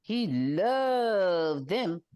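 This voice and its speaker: An older woman co-hosting a casual podcast chat, talking in an animated way and mimicking people with exaggerated high wails. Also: very slow, clear, resonant tone. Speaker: podcast co-host.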